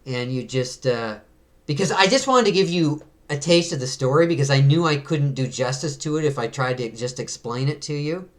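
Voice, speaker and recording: A man's voice: medium pitch, animated, normal speed. A man hosting a comic book video, reading a comic aloud and chatting casually with fillers and little chuckles.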